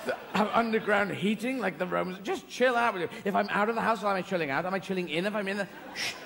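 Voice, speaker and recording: A man's voice: sits high, fast, creaky. A man performing a rambling stand-up comedy routine, acting out little voices as he goes. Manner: rambling, animated, acts out quoted voices. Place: large theatre stage. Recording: live hall with audience noise.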